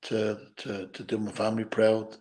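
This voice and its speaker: A middle-aged Irish man, a former boxer, telling stories in an interview, halting and repeating words, tearful at times. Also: fairly low pitch, monotone, a little mellow, rough recording. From Ireland. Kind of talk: emotional storytelling interview.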